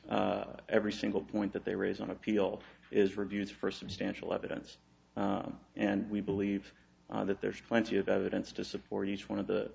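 A man's voice: lowish voice, vocal fry, highs cut off. A man from Texas, an attorney making an oral argument on appeal, hesitant with many fillers and restarts.

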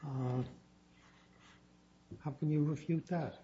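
A man presiding in court, calling cases and questioning counsel, slow and deliberate. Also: fairly high pitch, fairly even intonation, warm tone. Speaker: presiding judge. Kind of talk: court proceedings. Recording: dull lo-fi audio, faint noise.

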